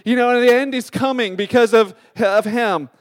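A male pastor delivers a casual, story-driven sermon. His voice sits high for a man and sounds a little sore. He leans on fillers and chatty asides as he talks. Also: moderate pace. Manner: conversational, storytelling with many fillers. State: slightly sore voice.

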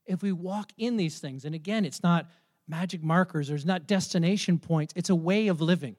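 A man's voice: fairly high pitch, normal speed, darkish tone. A man preaching a sermon in a conversational way, often repeating words as he thinks aloud. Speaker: pastor.

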